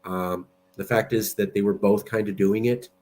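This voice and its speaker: A man's voice: fairly low pitch, fairly even intonation, normal speed, a little mellow. A man giving blunt, argumentative political commentary while sharing his screen. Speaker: political movement president.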